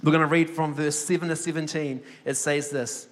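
A man leading a sermon, reading scripture aloud with slow emphasis and joking asides to the congregation. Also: a little high, little pitch movement, a bit bright, big-room sound. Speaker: head of a ministry school, preacher.

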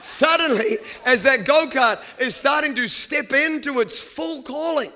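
Male preacher, high voice, animated and funny, live sermon with sound effects. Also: measured pace. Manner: animated storytelling with humor. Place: room with a live congregation.

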